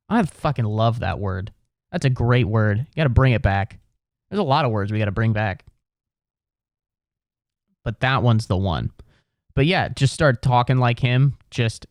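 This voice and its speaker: A man's voice: mid-range voice, fairly quick, a little mellow, no echo, clean studio sound. Rambling, profane Ohio man. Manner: rambling, profane, full of restarts. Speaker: podcast host. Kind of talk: comedic solo podcast rant.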